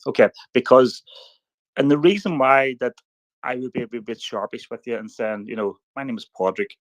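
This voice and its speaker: A man's voice: medium pitch, no room sound. A middle-aged Irish man in a heated live audio chat, often stumbling over repeated words as he tries to get his point across. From Ireland. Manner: halting, repeats words while trying to get a turn.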